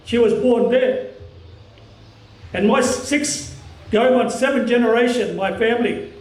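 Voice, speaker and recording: An Australian man from the Cairns region giving an impassioned public speech at a commemoration, talking strong and forceful in halting phrases. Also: very high-pitched, roomy sound, distant mic, poor audio. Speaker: community speaker at a commemoration.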